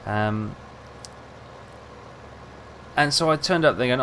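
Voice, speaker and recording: A man's voice: mid-range voice, takes it slowly, pauses often, a bit bright, slight background noise. A young man rambling casually, telling self-mocking stories over gameplay. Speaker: gaming video host.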